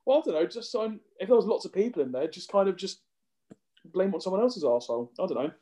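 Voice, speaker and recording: A man's voice: high voice, lively intonation, fast talker, dark tone. A young man co-hosting a podcast, rambling and self-deprecating in casual chat. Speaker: podcast co-host.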